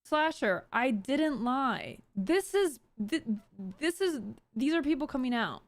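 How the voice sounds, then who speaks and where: A woman streamer speaks quickly and animatedly to her chat, reading tweets aloud and picking them apart in casual livestream commentary. Her voice is high-pitched, without any room sound.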